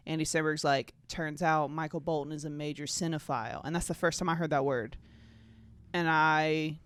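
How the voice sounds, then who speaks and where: A twenty-five-year-old podcast host with a trace of a Southern US accent chats alone, wandering from thought to thought. The delivery is jokey and self-mocking, with swearing dropped in casually. The voice is smooth and clear, recorded close in a dry room with no echo. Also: mid-range voice. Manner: rambling, jokey and profane, with self-mocking asides. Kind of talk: casual solo podcast chat.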